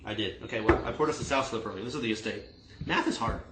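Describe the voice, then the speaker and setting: A man's voice: fairly low pitch, quick pace, roomy sound, very noisy. A man who manages a tasting room, chatting casually and telling joking stories on a livestream. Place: home room. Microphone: video stream mic.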